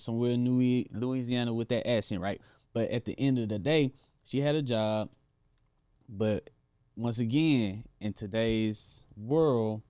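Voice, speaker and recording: A man's voice: mid-range voice, mellow, no echo, clean studio sound. A man hosting casual commentary in a slangy, emphatic way. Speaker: host.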